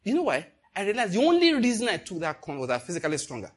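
An older man preaches very fast in a high-pitched, slightly rough voice. He tells an animated story and calls out questions to the congregation as he goes.

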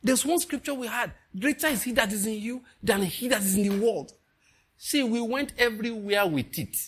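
A man with a Nigerian accent preaching a sermon, animated and laughing, swinging from quiet asides to loud exclamations. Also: sits high, normal speed, a little hiss or hum.

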